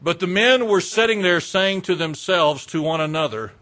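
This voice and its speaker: A man preaching a sermon, retelling a story dramatically with repetition and swinging between loud passion and hushed quiet. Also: high voice, a little fast, few pauses. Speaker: pastor.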